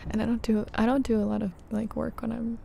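A young woman hosting an ASMR livestream, chatting in a hushed, half-whispered voice and reading out names from the chat. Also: on the high side, level tone, fast talker, creaky, a little hiss or hum.

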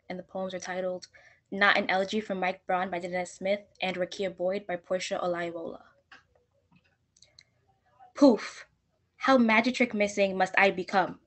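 A woman student performs a spoken-word piece from speech and debate. Her recitation is dramatic and measured. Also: mid-range voice.

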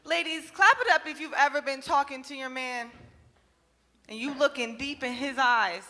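Brash young woman comic, high bright voice, loud and profane, club reverb. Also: normal speed. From New Jersey. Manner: brash, profane and loud, laughing at her own jokes. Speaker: stand-up comedian. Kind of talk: stand-up comedy set. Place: comedy club stage.

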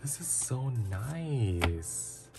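A man narrating a casual unboxing vlog, excitable and gasping often. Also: medium pitch, extremely slow, creaky, music in the background. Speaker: vlogger.

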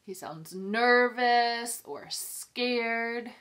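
A woman pre-K teacher reading a picture book aloud to young children, sing-song and expressive, pausing to ask them questions. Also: fairly high pitch. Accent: New York. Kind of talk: children's storybook read-aloud.

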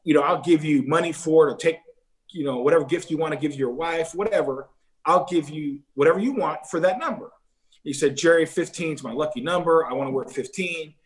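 This man's voice runs somewhat high and his pace is a little fast. He's middle-aged, once a ballplayer, and in a relaxed interview he tells lively stories, performing other people's words as he goes.

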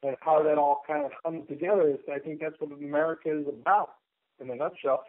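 A man's voice: on the high side, fairly even intonation, brisk, no room sound. A man talking as a guest in a casual radio chat, rambling and joking as he tells stories. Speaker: guest artist. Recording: tinny phone line.

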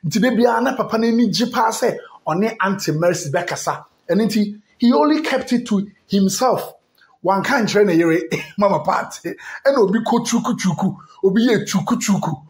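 High-voiced Ghanaian man, echoey room. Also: moderate pace. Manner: teasing, animated storytelling. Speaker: gossip show host. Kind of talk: casual gossip commentary.

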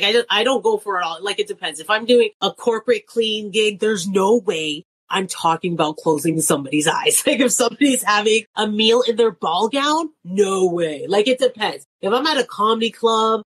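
A woman's voice: mid-range voice, lively intonation, moderate pace, hardly any pauses, a bit bright, husky. Chatty woman comedian, laughs often. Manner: chatty, laughs often, acts out quoted voices. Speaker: guest comedian and nurse. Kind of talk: casual chat.

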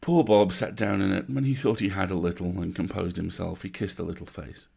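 A man reading a classic story aloud at a measured, atmospheric pace, as a bedtime story. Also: low-pitched, fairly even intonation, vocal fry, dark tone, breathy edge.

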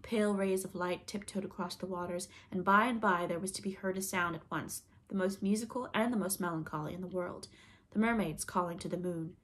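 A woman reading a classic children's novel aloud in a gentle, measured storytelling voice. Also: on the low side, fairly even intonation. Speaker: storybook reader. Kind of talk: audiobook narration.

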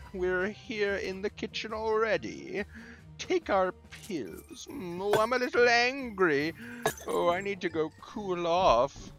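A man's voice: high-pitched, pushed and bright, exaggerated voice, low-quality recording. A man voicing a cranky, rage-prone old grandmother in a game, in his own voice with a mock-sweet old-lady manner.

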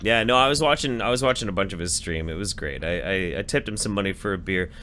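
A man co-hosting a live-stream podcast, chatting casually in an excitable, profane, laughing way. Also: lowish voice, fast, a little hiss or hum. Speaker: co-host.

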